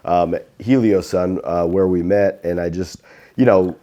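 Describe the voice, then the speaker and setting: A man hosting a podcast in casual conversation, relaxed and quick with short agreeing replies. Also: sits low.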